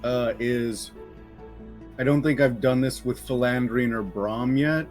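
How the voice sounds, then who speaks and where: A man's voice: mid-range voice, a little slow, darkish tone, faint music behind. A man playing a tabletop game, chatting casually in a laid-back way. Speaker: player.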